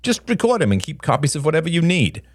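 A man voicing a blunt, cynical middle-aged father who talks gruffly and mocks his son. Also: fairly high pitch, very animated, fast talker, no room sound, studio quality, pitched above the performer's own voice. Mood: mocking. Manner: gruff, mocking, laughs harshly.

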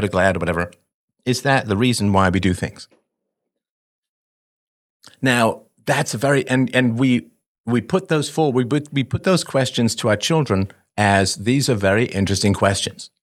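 A man's voice: mid-range voice, lively intonation, normal speed. A man hosting a live call-in show, giving parenting advice in a conversational way, posing rhetorical questions and often asking "right?". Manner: acts out parent-child dialogue. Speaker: host answering a caller.

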